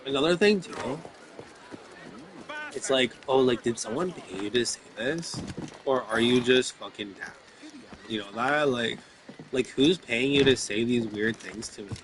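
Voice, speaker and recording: A man's voice: medium pitch, unhurried, noisy background. A man, rambling about his life with lots of fillers and swearing when worked up. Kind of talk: rambling personal talk.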